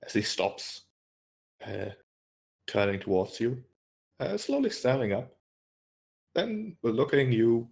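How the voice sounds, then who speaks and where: A man's voice: medium pitch, big pitch swings, slow pace, creaky, long pauses, a little mellow. A man narrating as game master in a tabletop game, describing scenes hesitantly with frequent fillers and restarts.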